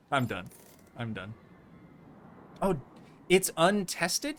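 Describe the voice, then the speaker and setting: A man's voice: a little high, lively intonation, takes it slowly, long pauses, a bit bright. A man streaming a park-building game, chatting casually and playfully with his viewers in rambling asides. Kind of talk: casual game livestream chat. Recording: faint music in background.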